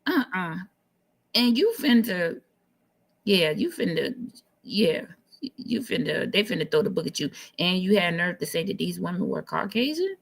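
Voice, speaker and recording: Woman co-host, low-ish, animated and incredulous, casual stream chat. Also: normal speed, gravelly. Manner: animated, incredulous, repeats phrases for emphasis.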